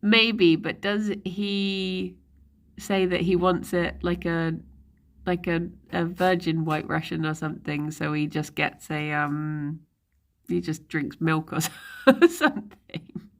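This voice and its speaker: A woman's voice: lowish voice, slow. A young woman streaming live, chatting casually and rambling, laughing often as she goes. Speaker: livestreamer. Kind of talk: casual chat.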